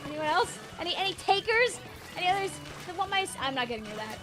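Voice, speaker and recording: A young woman streams a video game and chats with her viewers, bubbly and giggly. Her voice sits high and swoops all over the place. Music plays clearly behind her. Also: very animated, fast talker. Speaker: streamer playing a shooter game. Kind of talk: casual live-stream commentary.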